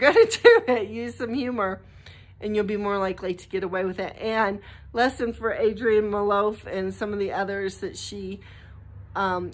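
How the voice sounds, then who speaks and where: A middle-aged American woman talking casually to camera in a vlog, rambling with restarts and stopping for asides to her dog. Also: medium pitch. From United States. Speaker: vlogger.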